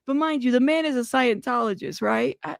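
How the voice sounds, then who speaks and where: A host of a live news show, reacting animatedly and pleading between bursts of laughter. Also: female voice, a little high, animated, a little fast, vocal fry, dry recording, clean studio sound. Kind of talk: casual commentary.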